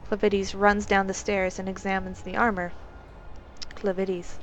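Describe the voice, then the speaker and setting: A woman narrates a game-based story in a calm, subdued voice. Her pitch sits mid-range. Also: moderate pace, a little hiss or hum.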